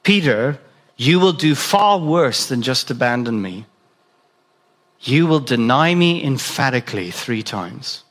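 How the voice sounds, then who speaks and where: A man voicing Jesus as a calm, knowing teacher, speaking slowly and solemnly in a lower voice.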